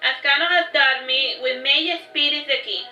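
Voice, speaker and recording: A woman's voice: high-pitched, normal speed. Woman reading her fantasy story aloud. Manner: steady reading with frequent restarts. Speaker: author. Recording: roomy, distant, dull recording with faint music.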